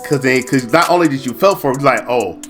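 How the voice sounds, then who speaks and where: A man of middle pitch talks about a film in a hesitant, halting way, restarting his sentences. Faint music plays behind him. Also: fairly bright tone. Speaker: podcast co-host. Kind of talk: casual movie recap chat.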